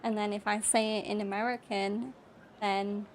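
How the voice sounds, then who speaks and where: A woman's voice: medium pitch, level tone, a little fast, a little hiss or hum. A British woman in her twenties chatting casually over a gameplay stream, laughing often and reading viewer comments aloud. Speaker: gaming streamer.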